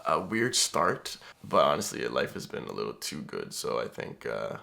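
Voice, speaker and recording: A man's voice: very deep voice, gravelly. A young man talking casually to the camera in a rambling vlog, with lots of fillers. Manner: relaxed, rambling, frequent fillers.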